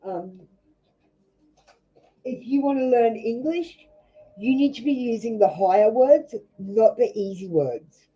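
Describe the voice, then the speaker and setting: A woman's voice: fairly high pitch, expressive, slow pace, pauses often, warm tone, husky. Australian woman, blunt tarot reader, swears freely, scolding, dull lo-fi stream. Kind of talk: live-stream tarot reading, chatting with viewers.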